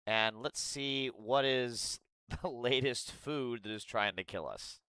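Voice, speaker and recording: A man hosting a livestream, ranting profanely and sarcastically and breaking into yelling outbursts. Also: medium pitch, takes it slowly, clear, resonant tone, no echo. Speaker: livestream host.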